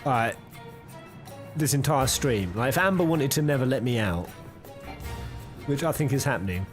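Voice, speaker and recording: A man's voice: medium pitch, animated, normal speed. A young man streaming a game, chatting casually, teasing himself and laughing often. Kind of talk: live let's-play commentary. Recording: game music underneath.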